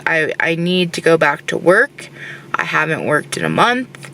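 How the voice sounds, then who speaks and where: Brief: woman vlogger, casual rant from her car, frustrated and rambling, bright tone with vocal fry. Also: low-pitched, big pitch swings, measured pace, slight background noise, poor audio. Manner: frustrated, rambling, says "like" constantly.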